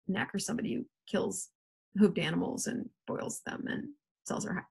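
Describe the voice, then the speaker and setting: Woman English teacher, expressive read-aloud, husky breathy tone, mid pitch. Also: moderate pace. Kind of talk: reading a novel aloud to a class.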